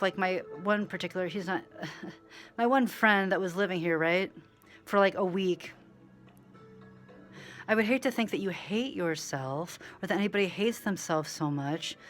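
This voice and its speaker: A woman vlogging in a rambling monologue, full of "like" and side tracks, swinging between loud animated bursts and quiet asides. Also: fairly low pitch. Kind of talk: rambling direct-to-camera monologue.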